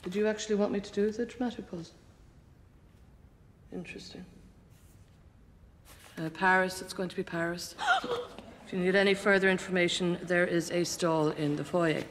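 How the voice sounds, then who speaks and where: An actress playing a sardonic middle-aged nun headmistress in a sitcom, with a dry, withering deadpan delivery. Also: female voice, on the low side, brisk, a little hiss or hum, lightly acted. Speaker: school headmistress. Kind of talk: broadcast sitcom acting.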